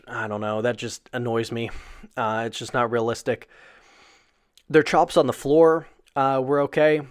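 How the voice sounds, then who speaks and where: A man with an average-pitched voice talks through a wrestling episode in a relaxed, rambling way. He leans on fillers and curses casually. Every so often he gets excited and incredulous. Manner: loose and profane, many fillers, bursts of excited disbelief. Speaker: wrestling show reviewer. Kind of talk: casual recap commentary.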